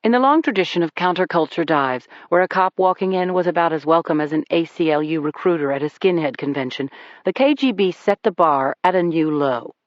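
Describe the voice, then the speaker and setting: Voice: medium pitch, expressive, fairly quick, dry recording. Dry, dull-sounding audiobook narrator. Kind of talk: scripted first-person thriller narration.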